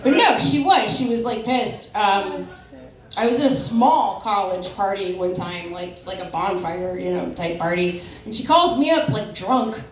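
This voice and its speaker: A woman's voice: mid-range voice, a little slow. A young woman performing a stand-up comedy set, rambling and self-deprecating, with a lot of "like" and "um". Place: comedy club stage. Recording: roomy club sound from a distance. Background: audience laughter.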